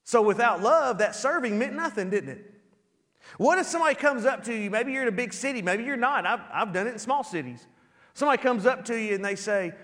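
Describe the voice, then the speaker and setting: High-voiced animated preacher in a hall. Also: male voice, a little fast. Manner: animated, acts out little scenes with shifting voices. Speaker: pastor. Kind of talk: sermon. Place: church sanctuary.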